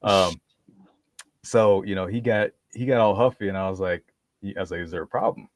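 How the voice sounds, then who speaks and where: A low-pitched man on a podcast tells an animated story at a normal pace, breaking into laughter often and mimicking what people said. The sound is dry.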